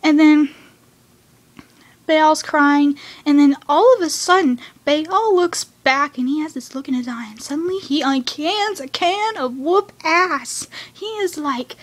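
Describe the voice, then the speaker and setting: A young woman rambling excitedly about a cartoon episode, acting out the characters with sudden high cries. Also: a little slow.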